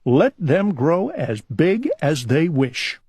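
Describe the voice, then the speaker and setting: A man voicing a fretful, gentle male owl in a storybook reading, talking in an anxious, earnest, childlike way. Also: fairly high pitch, very animated, slow pace, breathy edge, dry recording, clean studio sound, voice pushed up, full character voice. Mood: worried.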